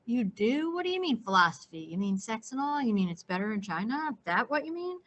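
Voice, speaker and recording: A woman's voice: on the high side, very animated, a little fast, a bit bright, a little hiss or hum. A woman reading a novel aloud, voicing a restless, blunt teenage boy who keeps pressing with eager, insistent questions. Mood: pestering, curious.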